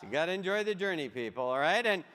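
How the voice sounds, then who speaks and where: Man, middle-aged, comic keynote speaker, very high-pitched, quips to the crowd, long hall reverb. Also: lively intonation, fast talker, sharp tone, slight background noise. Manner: punchy storytelling with comic asides to the audience. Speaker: keynote humorist. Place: large conference hall.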